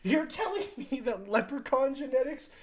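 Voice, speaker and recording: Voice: high-pitched, animated, moderate pace. A young adult podcast host who retells a movie plot in casual chat, swearing freely, laughing often and acting out the quotes.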